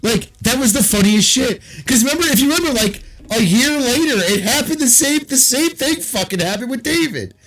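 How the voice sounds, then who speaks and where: A man's voice: very high voice, lively intonation, brisk, few pauses, a bit bright, rough recording. A man in his thirties chatting casually with a friend, telling stories with frequent laughs and swearing.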